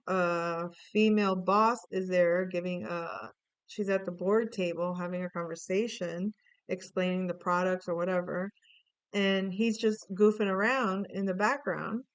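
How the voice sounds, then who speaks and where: A woman's voice: medium pitch, smooth, no room sound, poor audio. A woman giving a casual tarot reading, playful and musing aloud with chatty asides. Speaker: tarot reader.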